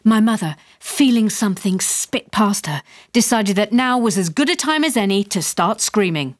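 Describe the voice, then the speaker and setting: A woman's voice: mid-range voice, moderate pace, no echo, clean studio sound. Woman reading a comic memoir. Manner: lively comic storytelling, rising with excitement. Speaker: author reading her own memoir. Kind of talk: storybook reading. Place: radio studio.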